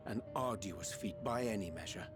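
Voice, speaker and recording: An actor voicing a solemn, courteous man in a game scene, speaking in a measured, formal, ornate way. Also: lowish voice, natural voice. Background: game music.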